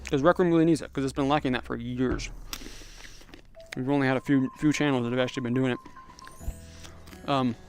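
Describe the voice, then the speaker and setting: A man's voice: mid-range voice, fairly even intonation, moderate pace, long pauses, soft background music. A young man chatting casually on a livestream, rambling with lots of fillers while answering chat. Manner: rambling, filler-heavy, reads chat aloud. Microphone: clip-on magnetic microphone.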